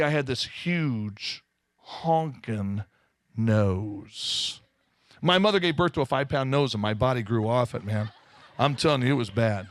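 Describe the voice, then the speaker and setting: A man from Southern California telling his life story to an audience, animated and full of self-mocking humor. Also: medium pitch, no echo, studio quality. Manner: animated storytelling, acting out quoted voices. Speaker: speaker giving his testimony. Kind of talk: testimony to a live audience.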